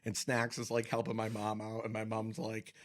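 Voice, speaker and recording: A man with a Massachusetts accent hosting a podcast, telling stories in a casual, animated way and laughing often. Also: on the low side, moderate pace. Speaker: podcast host. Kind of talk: casual storytelling chat.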